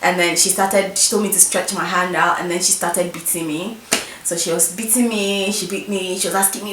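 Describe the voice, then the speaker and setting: A young woman telling a mischievous story from her school days in an animated, emphatic way. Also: fairly low pitch, a little fast, slight background noise. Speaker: vlogger. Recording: roomy echo, distant mic.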